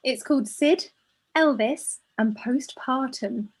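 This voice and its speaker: A woman co-hosts a chatty podcast, laughing often as she talks and reads a listener's letter aloud. Her voice sits fairly high and has a husky, slightly breathy edge. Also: takes it slowly. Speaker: podcast co-host. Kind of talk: casual chat, reading a listener letter aloud.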